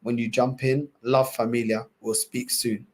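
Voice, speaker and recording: A man's voice: medium pitch, moderate pace. Young london guy streaming, laughing a lot, keeps repeating himself, chatty slang reactions to chat. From England. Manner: animated, laughing, repetitive slang-heavy banter. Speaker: livestream host. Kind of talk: casual livestream reaction chat.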